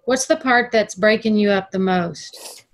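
A woman's voice: medium pitch, unhurried. Earnest, emphatic middle-aged woman. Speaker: guest. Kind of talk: casual conversation.

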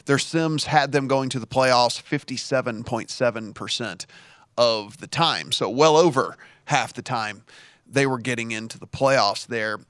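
A man hosting a sports betting show, talking through football projections at a steady, methodical pace. His voice sits at a middle pitch. The sound is dry and close to the mic, with no room echo. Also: unhurried, smooth. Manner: teasing in banter, methodical with stats. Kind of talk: casual sports analysis talk.

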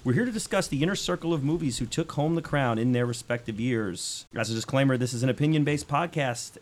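A man hosting a casual movie podcast, joking and sarcastic as he introduces the show and his co-hosts. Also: mid-range voice. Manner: playful, sarcastic intro patter. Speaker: podcast host.

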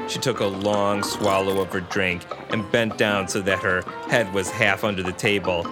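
A man's voice: low voice, moderate pace, few pauses, music in the background. A man co-hosting a podcast, reading a hard-boiled novel aloud and breaking off to comment and laugh. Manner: animated, laughs often. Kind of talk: book reading with casual commentary.

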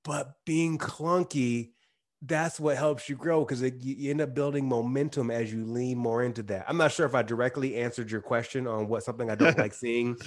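A man's voice: mid-range voice, steady tone, normal speed. Casual man with a slight twang. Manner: casual, uses slang, restarts mid-sentence. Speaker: guest speaker. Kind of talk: casual interview chat.

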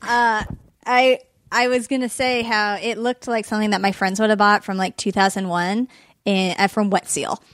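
A woman in a casual group chat, weighing things out loud in a reasoned, hedging way. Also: mid-range voice, flat delivery, normal speed, no echo.

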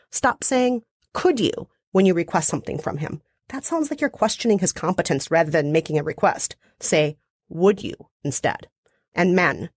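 A woman's voice: fairly low pitch, no echo, clean studio sound. A woman co-host reading out book steps with dryly ironic asides. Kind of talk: scripted summary with wry asides.

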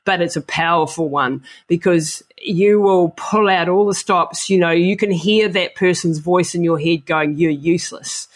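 A woman's voice: lowish voice, measured pace, hardly any pauses. A woman ultramarathon runner talking casually in an interview, earnest and rambling, with many fillers and restarts.

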